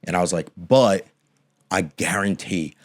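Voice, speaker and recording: This young man's voice sits low and unhurried as he co-hosts a podcast. His storytelling is long, loose and chatty, peppered with casual swearing and acted-out dialogue.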